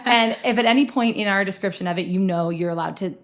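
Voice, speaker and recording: Chatty woman podcast co-host. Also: mid-range voice. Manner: chatty, fast, laughs often. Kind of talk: casual podcast chat.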